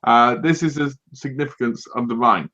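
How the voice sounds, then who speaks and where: A man co-hosting a movie review, retelling scenes in a lively way and often laughing. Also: medium pitch, moderate pace. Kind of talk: casual chat. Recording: dull lo-fi home recording.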